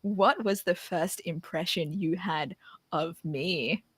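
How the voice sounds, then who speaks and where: A young woman hosting a casual chat, candid and animated, laughing often. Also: fairly low pitch, takes it slowly, husky, no room sound, clean studio sound. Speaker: podcast host.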